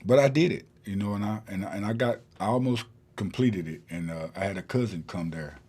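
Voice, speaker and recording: A man's voice: on the low side, fairly quick, a little mellow, slightly rough. A man, a podcast guest telling a long story in a rambling way with many fillers and restarts. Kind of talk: casual storytelling in an interview.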